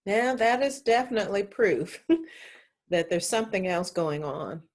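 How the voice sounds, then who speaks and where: A woman's voice: mid-range voice, animated, a little slow. A woman hosting an interview, giving short affirming responses and thanking her guest. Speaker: host.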